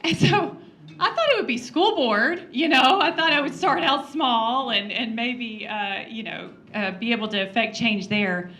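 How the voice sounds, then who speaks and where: A woman's voice: fairly high pitch, a little slow. Earnest woman telling a personal story. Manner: earnest storytelling, soft laughs, frequent ums. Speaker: congresswoman giving a talk. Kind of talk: heartfelt personal speech. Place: breakfast event room.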